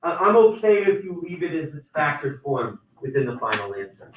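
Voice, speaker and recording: High-voiced man teaching algebra in a classroom. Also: very animated, moderate pace, noisy background. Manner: explains step by step, with many restarts. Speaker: math teacher. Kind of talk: classroom lecture. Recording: roomy, distant, dull lo-fi sound.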